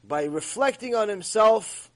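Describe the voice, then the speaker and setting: High-voiced man giving an animated lecture. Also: measured pace. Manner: animated storytelling, acts out voices. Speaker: religious teacher. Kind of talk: long religious lecture.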